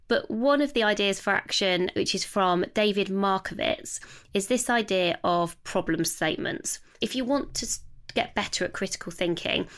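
A woman's voice: medium pitch, a bit bright. A woman in her thirties co-hosting a casual book chat, thinking aloud and restarting her sentences. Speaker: podcast co-host. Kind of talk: casual chat about books.

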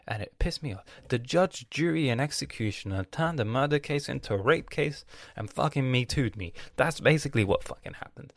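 A man's voice: mid-range voice, fairly quick, dry recording, clean studio sound. A young man with a London accent ranting casually on his podcast, swearing and acting out his family with lots of slang. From England. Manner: animated storytelling with slang and swearing, acts out family members.

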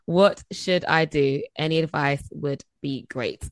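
A woman's voice: sits low, measured pace, no echo. A woman in her late twenties co-hosting a chatty podcast over a video call, laughing often and reading listener messages aloud. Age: late 20s. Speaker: podcast co-host. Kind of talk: casual chat.

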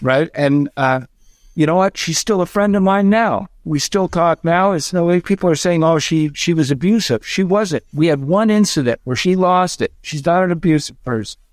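A man, a stand-up comedian, chatting casually on a podcast in a rambling, animated way with frequent restarts. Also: high voice, moderate pace, dry recording, studio quality.

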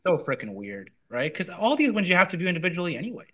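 Guest man, rattles off fast takes, bright lively delivery, casual podcast chat. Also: high voice. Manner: rapid, animated analysis.

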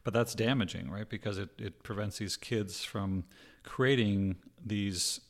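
A man's voice: fairly low pitch, unhurried. A middle-aged man co-hosting a podcast, talking reflectively and thinking aloud with many fillers. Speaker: podcast co-host. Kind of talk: casual podcast conversation.

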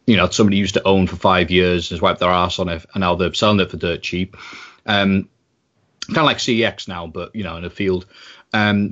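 A British man chats as a podcast guest, telling animated, swear-laced stories. His voice sits on the low side. The audio is a little dull and muffled. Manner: animated storyteller, swears, slips into impressions. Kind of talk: casual podcast chat.

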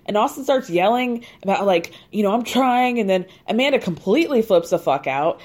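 A woman hosting a podcast who gives a casual, chatty recap, telling the story in an animated way, swearing freely and laughing at her own asides. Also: medium pitch, a little fast. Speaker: podcast host recapping a reality show.

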